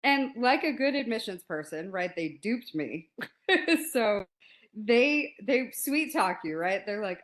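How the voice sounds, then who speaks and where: Woman, 40s, guest on a talk podcast, mid-pitched, animated storyteller who voices the people she quotes. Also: slow. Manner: animated, laughs often, acts out quotes. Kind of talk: casual storytelling.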